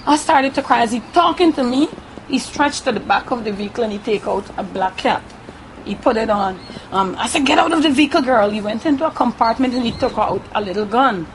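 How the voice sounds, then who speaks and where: A woman with a Guyanese Creole accent giving a halting first-person account, often repeating herself and tagging her sentences with "right?". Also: on the high side, slight background noise, low-quality recording. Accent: Guyanese Creole English. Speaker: interviewee.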